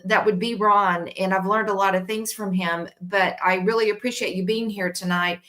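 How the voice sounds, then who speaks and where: A woman's voice: mid-range voice, a bit bright. A woman with a Southern accent from Tennessee, co-hosting a live stream and giving an oracle card reading in a meandering way, with many fillers and restarts. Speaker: co-host reading oracle cards.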